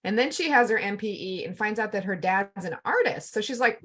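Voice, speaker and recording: A woman's voice: mid-range voice, lively intonation, a little fast, bright, forceful tone. A woman chatting casually over a video call, gushing with enthusiasm about people and events.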